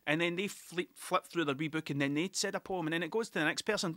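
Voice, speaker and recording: Bright, sweary Scottish storyteller man. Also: on the high side, quick pace, hardly any pauses, dry recording, studio quality. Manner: sweary, rambling, laughs at himself. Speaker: musician telling stories. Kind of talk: casual storytelling monologue.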